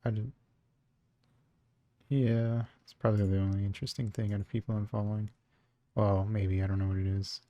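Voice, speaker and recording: A man's voice: on the low side, flat delivery, brisk, pauses often, warm tone, no echo. A man streaming and chatting casually, muttering to himself and swearing offhand as he browses.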